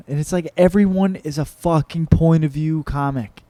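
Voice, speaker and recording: Young male comic host, mellow tone, dry close sound, loose profane rambling. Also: a little high, normal speed, few pauses, smooth, dry recording. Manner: rambling, profane, self-mocking. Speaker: podcast host and comedian. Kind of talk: casual solo podcast chat.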